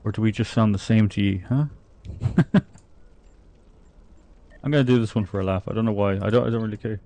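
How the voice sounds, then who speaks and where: A man's voice: fairly low pitch, fairly even intonation, brisk, dark tone. Irish guy livestreaming a game, laid-back chatter, reads out chat comments. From Republic of Ireland. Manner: chatty, reads viewer comments aloud, laughs often. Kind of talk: casual chat while gaming.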